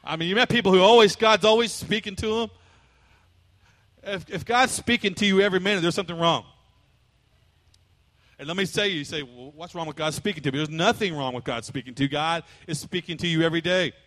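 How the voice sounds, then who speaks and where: A male pastor with a high, bright, ringing voice delivers a folksy, humorous sermon, repeating himself and slipping into small acted scenes. His voice carries a long reverb from a large church hall. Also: brisk, pauses often. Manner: folksy, repetitive, acts out little scenes.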